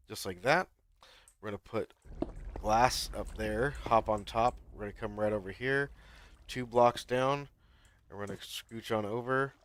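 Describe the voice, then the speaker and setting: A man's voice: lowish voice, a little hiss or hum. A man streaming a building game, talking himself through each step and chatting with viewers in an easygoing way. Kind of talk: live-stream gameplay commentary.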